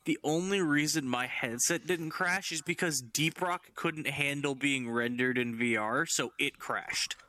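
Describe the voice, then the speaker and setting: Bright-voiced swearing young man. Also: fairly high pitch, a little slow, few pauses, no room sound. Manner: blunt, swears freely. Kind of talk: casual gaming podcast banter.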